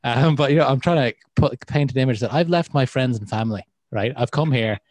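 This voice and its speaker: An Irish man co-hosting a podcast, chatting casually and telling stories with animated quoted voices. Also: mid-range voice, brisk, no echo. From Ireland. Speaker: podcast co-host.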